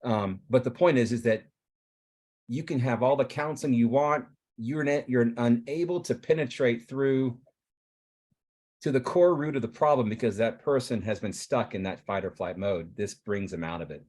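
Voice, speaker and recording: A man's voice: mid-range voice, normal speed, a little mellow. A man on a video call explaining a therapy in an earnest, rambling way, with frequent restarts.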